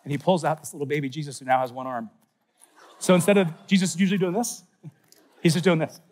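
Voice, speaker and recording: A middle-aged man giving an animated faith talk at a youth conference, telling stories with sudden shouts and soft asides. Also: a little high, quick pace. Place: large conference hall.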